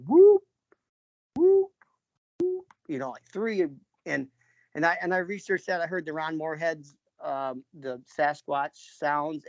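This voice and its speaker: A man from New York telling a personal story in a loose, rambling way, full of fillers and restarts, often clearing his throat. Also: fairly high pitch, no echo. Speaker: interviewee, father recounting an encounter. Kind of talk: casual spoken storytelling. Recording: dull lo-fi recording.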